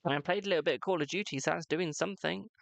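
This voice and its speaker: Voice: mid-range voice, fast talker, creaky, no room sound. A tarot reader hosting a casual livestream, chatty and informal, talking straight to the viewers while sounding tired. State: tired, yawning.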